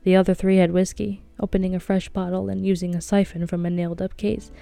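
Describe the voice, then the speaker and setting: A woman reading a novel aloud, with a tense, hushed delivery of the characters' inner thoughts. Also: on the low side, flat delivery, fast talker, vocal fry, soft background music. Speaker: audiobook reader.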